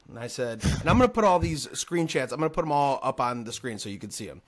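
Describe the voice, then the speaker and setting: A man's voice: medium pitch, very animated, fast, hardly any pauses. A man hosting a casual sports podcast, ranting in a heated, profane way. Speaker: podcast host.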